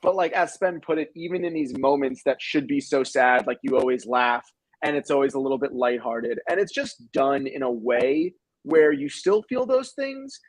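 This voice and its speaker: A young adult man co-hosting a casual movie review chat, animated and swearing casually as he retells scenes. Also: mid-range voice, normal speed, dry recording, low-quality recording. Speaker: film review podcast co-host.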